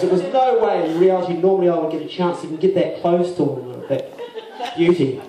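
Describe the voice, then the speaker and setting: A New Zealand man performs a comic story live, slipping into other people's voices as he goes. His voice sits fairly high. He is heard from a distance in a roomy, echoing venue, and the audience sounds come through clearly. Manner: animated, acts out other people's lines. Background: audience laughter.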